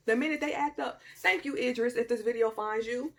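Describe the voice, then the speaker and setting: A young woman telling a personal story to camera in a casual, animated way, with loud outbursts, quiet murmurs and slangy asides. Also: fairly high pitch, brisk, few pauses. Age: young adult. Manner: informal Southern-style slang and asides. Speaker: storytime vlogger.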